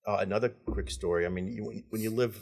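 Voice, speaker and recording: A middle-aged man telling stories as a podcast guest, animated and laughing, acting out quoted dialogue. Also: lowish voice, fast, creaky. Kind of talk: casual storytelling.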